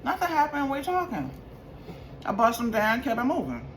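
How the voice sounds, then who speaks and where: A woman's voice: on the high side, wildly swooping pitch, moderate pace, background noise. Streetwise New York woman telling stories. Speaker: vlogger sharing life stories. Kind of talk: personal storytelling.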